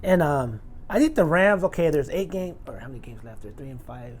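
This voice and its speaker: A man's voice: fairly high pitch, sing-song, brisk. A man hosting a casual sports podcast, chatting loosely. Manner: chatty, reads sponsor plugs, chants. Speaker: podcast host.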